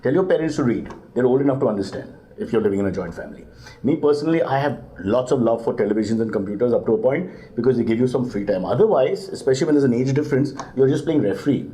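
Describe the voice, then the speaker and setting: Fast-talking joking man. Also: medium pitch. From India. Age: middle-aged. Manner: quick deadpan wisecracks, mock exasperation. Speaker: guest comedian. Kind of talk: joking live interview banter.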